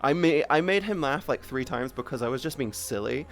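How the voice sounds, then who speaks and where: A woman's voice: very deep voice, lively intonation, a little fast, faint music behind. Woman streamer, headset mic, casual rambling chat, stops to greet chat. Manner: rambling, chatty, breaks off to greet viewers. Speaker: livestreamer. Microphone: headset boom mic.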